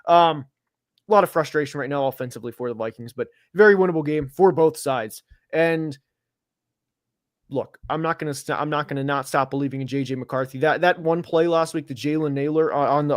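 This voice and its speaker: A man co-hosting a casual football podcast, talking fast with lots of fillers and getting openly worked up about play calls while seated. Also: fairly high pitch, no room sound, studio quality. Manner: animated, gets worked up, many fillers. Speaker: podcast co-host. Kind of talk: casual sports podcast analysis. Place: seated at home studio.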